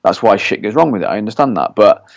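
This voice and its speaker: A man's voice: lowish voice, animated, quick pace, creaky, muffled recording. A young man co-hosting a podcast, rambling and swearing as he vents in casual chat. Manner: swears freely, rambling venting. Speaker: podcast co-host.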